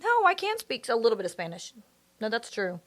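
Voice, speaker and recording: A woman's voice: a little high, huge pitch swings, a little fast, a bit bright. A woman co-hosting a podcast, chatting casually, laughing often and protesting good-naturedly. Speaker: podcast co-host. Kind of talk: casual chat.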